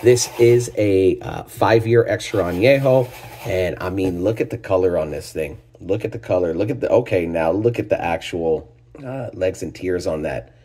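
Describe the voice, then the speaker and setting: Male vlog host, low and raspy, excitable and chatty while reviewing spirits on camera. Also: normal speed. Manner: enthusiastic, exclaiming over aromas with frequent sighs and "oh my gosh". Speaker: tequila reviewer, channel host. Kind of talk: casual spirits tasting review.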